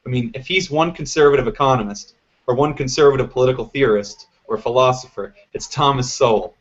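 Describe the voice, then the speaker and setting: A man's voice: mid-range voice, brisk. A man hosting a casual political chat over a video call, talking in an emphatic, opinionated way. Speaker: host. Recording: dull lo-fi call audio.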